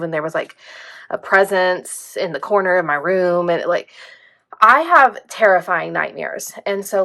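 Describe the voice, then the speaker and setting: A woman's voice: fairly low pitch, gravelly, pushed and bright. A young woman, chatting casually and rambling as she plans in her vlog. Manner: chatty, rambling, says "like" often. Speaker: planner vlogger. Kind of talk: casual chat while planning.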